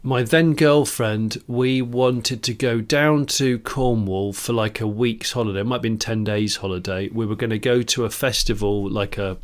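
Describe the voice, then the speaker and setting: A podcast co-host with a lowish, steady voice talks at a moderate pace, hardly pausing. In casual chat he tells rambling anecdotes, restarting often and laughing along the way.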